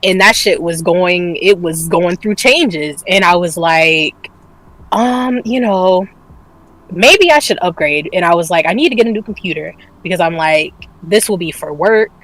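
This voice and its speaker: A woman's voice: on the low side, measured pace, fairly bright tone, low-quality recording. A woman co-hosting a casual streamed talk show, telling a personal story candidly, swearing freely and laughing often. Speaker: podcast co-host. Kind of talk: casual chat.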